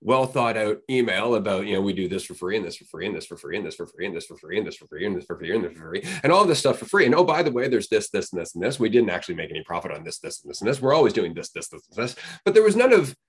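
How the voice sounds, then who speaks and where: A man's voice: fairly low pitch, animated, racing, few pauses, slightly rough. A man co-hosting a podcast in casual chat, blunt and swearing freely. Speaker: podcast co-host.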